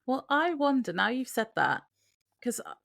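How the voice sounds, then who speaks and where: A woman co-hosting a podcast in casual chat, recapping scenes slowly and laughing often. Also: on the high side, big pitch swings, creaky, fairly bright tone, dry recording, studio quality. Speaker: podcast co-host.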